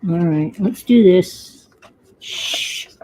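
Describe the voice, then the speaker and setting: A woman's voice: fairly low pitch, expressive, a little slow, mellow, breathy edge, rough recording. An older woman hosting a crafting livestream, chatting casually and muttering to herself as she works. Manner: talks to herself while working, muttering asides.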